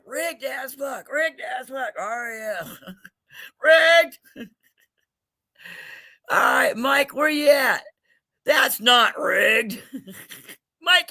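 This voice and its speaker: A man hosts a live giveaway stream in an unhurried drawl. His voice is bright and forward, and he keeps laughing and joking as he calls viewers by name. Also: very high-pitched. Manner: laughs often, jokey and loose, talks to viewers by name. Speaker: livestream host running a giveaway. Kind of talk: casual livestream chat.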